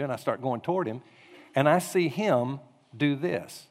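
A man's voice: medium pitch, moderate pace. A male pastor giving a conversational sermon, telling a story and acting out the quotes. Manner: storytelling with animated acted-out quotes. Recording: echoey hall reverb.

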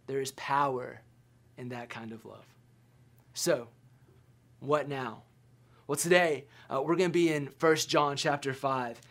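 A man in his thirties preaching a sermon as pastor, telling stories conversationally with stammered restarts and quiet, softened key lines. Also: a little high. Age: 30s.

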